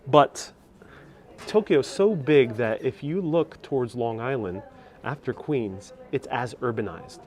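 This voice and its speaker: A man talks casually through a live stream from a skyscraper observation deck, pointing out the views. He is chatty and friendly with viewers, reading their comments aloud. His voice sits at a medium pitch and is picked up close on a clip-on mic. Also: expressive, unhurried, darkish tone. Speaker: live-stream tour guide. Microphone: wireless clip-on mic with phone on gimbal.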